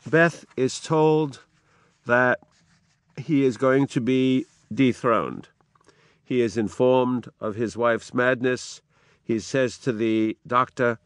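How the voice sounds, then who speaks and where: A man giving a lecture on drama, explaining the text in a measured way between quotations. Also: mid-range voice, steady tone, clear, resonant tone, no room sound. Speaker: literature lecturer.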